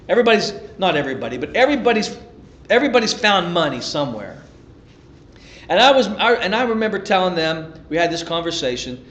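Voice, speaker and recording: A middle-aged man preaching a sermon, telling a personal story in an animated way that often repeats and restarts phrases. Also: a little high, echoey room.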